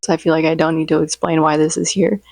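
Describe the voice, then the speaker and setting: A woman's voice: sits low, flat delivery, fast, gravelly, heavy background noise. A woman vlogging in a casual, rambling, chatty way, joking about her favorite memes and impressions. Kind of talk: casual chat.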